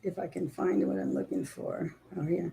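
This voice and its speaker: A woman's voice: lowish voice, steady tone, normal speed, gravelly, warm tone, slight background noise. A woman hosting a casual live stream, chatting with viewers and cooing at her puppy.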